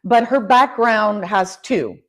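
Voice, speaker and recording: A woman in her fifties, a home builder guest on an interview podcast, telling lively stories and laughing often. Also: mid-range voice, slow. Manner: animated storyteller, laughs often. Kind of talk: casual interview chat.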